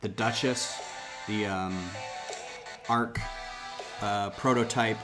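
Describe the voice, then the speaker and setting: A man's voice: fairly low pitch, steady tone, takes it slowly. A man hosting a casual livestream, rambling and thinking aloud while he builds, a little farther from the mic than usual. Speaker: host of a LEGO design livestream. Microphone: desk mic, a bit farther off than usual. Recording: background music under the voice.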